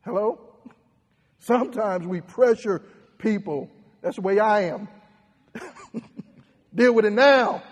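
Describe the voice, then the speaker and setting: A man preaching a sermon as pastor, animated and laughing often, leading the congregation in repeating phrases. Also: high-pitched, slow pace, long pauses, in a large hall. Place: church.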